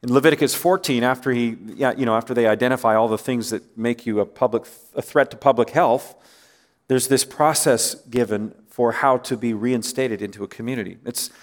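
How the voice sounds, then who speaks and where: A man's voice: mid-range voice, a little fast. A man preaching a sermon in a conversational way, often asking listeners rhetorical questions and letting his voice drop at the ends of phrases. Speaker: pastor.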